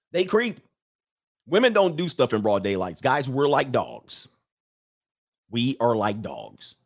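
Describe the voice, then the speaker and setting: A man's voice: medium pitch, wildly swooping pitch, takes it slowly, pauses often. A man in his forties or older hosting a live show and telling crude, slangy comic stories, now and then slipping into acted voices. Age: 40s or older. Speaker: show host. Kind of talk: casual comedic commentary on a live show.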